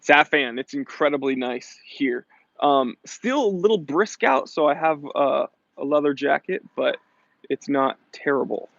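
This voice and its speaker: A man's voice: a little high, lively intonation, measured pace, gravelly, a bit bright, dry recording. An American man hosting a casual live stream, chatty and upbeat, reading viewer comments aloud and laughing often, with slightly dull lo-fi stream audio.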